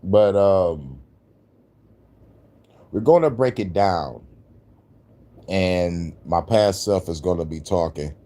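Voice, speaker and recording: Male musician host, low voice, easygoing slangy commentary to camera. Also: lively intonation, slow, long pauses, warm tone. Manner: loose, slangy, rambling talk. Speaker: musician vlogger. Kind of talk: casual commentary.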